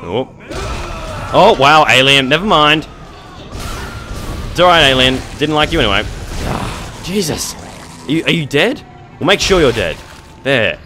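A young man giving jokey, excitable gameplay commentary, talking back to the monsters on screen. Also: fairly high pitch, a little slow, long pauses, faint music behind. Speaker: let's play gamer.

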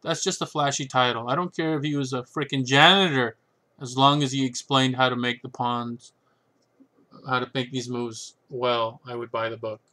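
A man's voice: mid-range voice, steady tone, normal speed, pushed and bright, slight background noise. A man talking casually and rambling about his books, tossing in sarcastic asides and frequent "right?" checks. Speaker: chess book reviewer. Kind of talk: casual solo talk.

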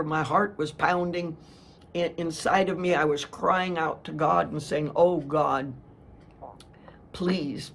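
Slow, gravelly older woman preaching. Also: low-pitched, a little hiss or hum. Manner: slow, earnest storytelling with frequent restarts. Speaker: speaker giving a testimony talk. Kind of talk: sermon with personal testimony.

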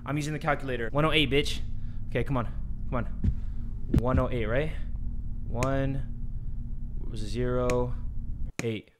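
A young man doing let's-play commentary, excitable and jokey, shouting when scared. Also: medium pitch, a little slow, pauses often, very noisy. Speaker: gaming YouTuber. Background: game music.

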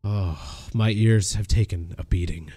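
A man streaming a horror game, excitable, swearing and laughing at the scares. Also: low-pitched, measured pace, breathy edge. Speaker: gaming streamer. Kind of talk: livestream horror game commentary.

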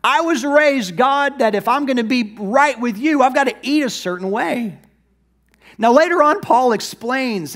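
High-voiced pastor preaching animatedly. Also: male voice. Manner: lively preaching, acts out Bible figures in quick asides. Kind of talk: sermon.

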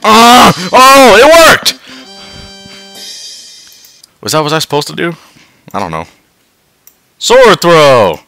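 A man swearing his way through a game, dropping to tired mutters and then yelling in excitement. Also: low-pitched. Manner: swearing, swinging between mutters and yelps. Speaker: gameplay commentator. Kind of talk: profane let's-play commentary.

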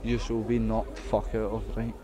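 A young Scottish man on a night out, loud, drunk and rambling as he is interviewed on the street. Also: lowish voice, level tone, moderate pace. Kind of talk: rowdy street banter.

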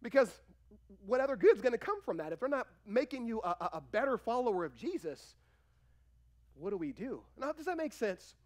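A male pastor delivers a sermon in a church, his voice sitting high and leaping up and down in lively swings. He acts out the voices of the people he quotes. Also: fairly quick. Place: church sanctuary.

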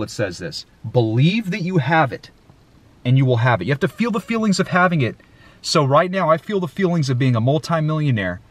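A man hosting a vlog in a casual, profane rant, excitable and jumping between loud outbursts and muttered asides. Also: medium pitch. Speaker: vlog host.

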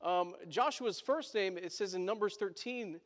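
A man's voice: high voice, moderate pace, long reverb tail. A male pastor telling a story in a sermon, chatty, with asides to the congregation.

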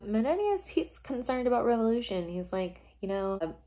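A woman speaking into a phone in a loose, informal way, full of fillers and rough asides. She talks through a play as casual commentary. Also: fairly high pitch, sing-song, moderate pace, mellow. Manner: chatty and informal, swears, filler-heavy. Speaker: video creator summarizing a play.

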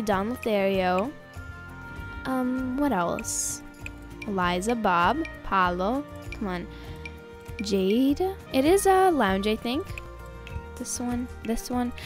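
A young woman giving casual gameplay commentary, excitable and gushing as she talks to her viewers. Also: mid-range voice. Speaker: gaming video host.

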